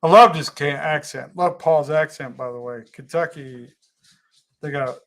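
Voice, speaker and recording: A man hosting a casual livestream, reading viewer comments aloud and talking in an earnest, halting way with frequent restarts. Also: a little high, creaky. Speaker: livestream host.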